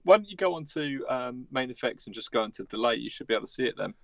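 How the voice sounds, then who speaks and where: A man's voice: medium pitch, lively intonation, fast talker, vocal fry, dry recording. A man co-hosting a casual live stream about guitar gear, with a dry, teasing manner. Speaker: co-host.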